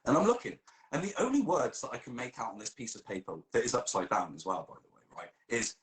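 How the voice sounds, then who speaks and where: A man's voice: medium pitch, huge pitch swings, quick pace, reverberant, rough recording. A man telling a comic story during role-play, swearing a lot and laughing as he goes.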